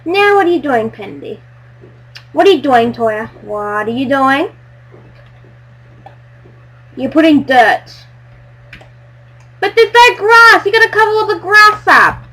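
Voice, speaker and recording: A woman chatting excitedly while playing a building game with friends, silly and bubbly, breaking into squeals. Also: sits high, slow, long pauses. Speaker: gamer playing on a friend's server. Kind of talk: excited let's-play chatter.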